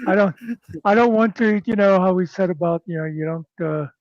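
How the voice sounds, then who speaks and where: A man's voice: high voice, brisk, a little mellow, no room sound. A man hosting a casual chat, teasing his co-hosts with joking asides. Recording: dull, dry sound.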